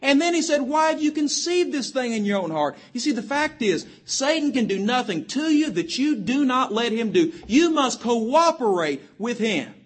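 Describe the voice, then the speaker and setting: High-voiced, husky male preacher. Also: big pitch swings. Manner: quotes scripture in King James wording, cites verses rapidly; addresses young people directly, emphatic. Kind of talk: sermon.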